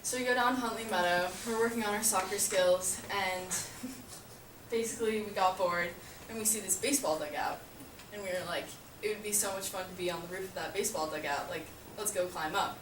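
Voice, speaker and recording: A woman's voice: medium pitch, a little fast. A woman casually telling a funny personal story, chatty and laughing often, filling her talk with "like". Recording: echoey room, far from mic, noisy.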